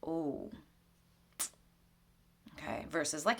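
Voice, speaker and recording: Woman spiritual mentor, low gravelly voice, gentle chatty tarot reader who laughs easily. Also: moderate pace, long pauses. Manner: gentle, conversational, laughs often. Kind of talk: weekly tarot reading and reflection. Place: home altar.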